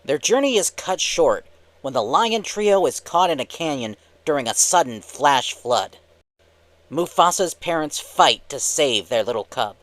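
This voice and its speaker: A man hosting a movie review channel, narrating the review in an upbeat, lively, scripted way. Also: fairly high pitch, unhurried, no room sound.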